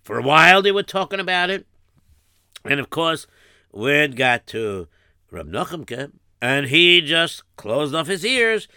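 A man narrating a story in an unhurried, conversational way. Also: on the high side, very animated, bright, forceful tone, clean tone, no room sound, studio quality.

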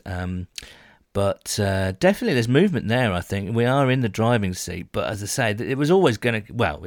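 A man's voice: fairly low pitch, no echo, clean studio sound. A man hosting a podcast in casual chat, rambling and jokey with lots of fillers. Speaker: podcast host.

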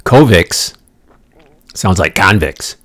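A man's voice: low-pitched, lively intonation, slow, fairly bright tone. A man hosting his own podcast, riffing in a profane, digressive comic monologue with playful asides and the odd whispered joke. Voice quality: gravelly. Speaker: podcast host. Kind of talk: rambling comedic monologue. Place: condominium room.

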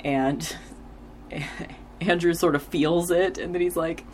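Low-voiced, unhurried woman rambling casually. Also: fairly even intonation, a little mellow, a little hiss or hum. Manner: rambling, lots of filler words, laughs easily. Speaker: podcast host. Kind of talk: casual episode recap.

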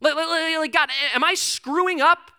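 A man voicing a whiny, excitable prophet in a raised, pleading voice, acted out within a sermon. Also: extremely high pitch, normal speed, voice pushed up, heavily acted.

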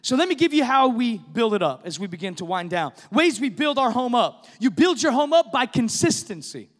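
High-voiced pastor preaching in a reverberant hall. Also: male voice, very animated, normal speed. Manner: impassioned preaching, rising to shouts. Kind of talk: sermon. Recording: long reverb of a large hall.

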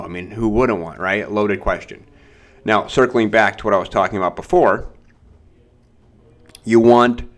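A young adult man hosting a casual sales-training podcast, talking loosely and acting out short exchanges with clients. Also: lowish voice. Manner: loose, conversational, acts out short client dialogues.

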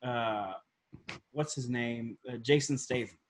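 A man co-hosting a casual comedic podcast, making deadpan quips. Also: medium pitch, takes it slowly, slight background noise. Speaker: podcast co-host.

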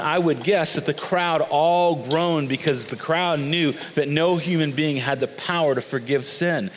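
A man preaching a sermon as a pastor, telling the story in a conversational, animated way with casual asides. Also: a little high. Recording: long reverb of a large hall.

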